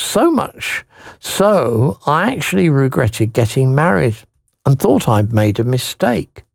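A man hosting Christian radio, gently reading a listener's letter, encouraging her with tag questions, and praying. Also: medium pitch, vocal fry, no echo, clean studio sound.

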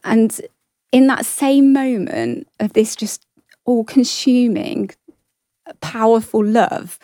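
A woman giving an earnest, halting personal testimony, often restarting her sentences. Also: on the high side, warm tone, no echo, clean studio sound. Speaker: guest sharing testimony.

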